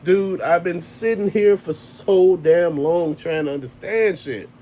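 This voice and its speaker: A man's voice: high-pitched, a little slow, mellow, slight background noise. Blunt, profane man ranting. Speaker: host. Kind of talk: ranting monologue.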